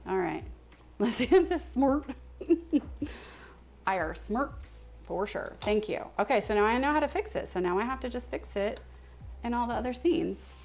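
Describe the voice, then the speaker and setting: A young woman hosting a cooking livestream from her home kitchen, chatting casually with viewers, self-deprecating and quick to laugh. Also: medium pitch, darkish tone, slight background noise. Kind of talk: casual chat with live viewers while cooking.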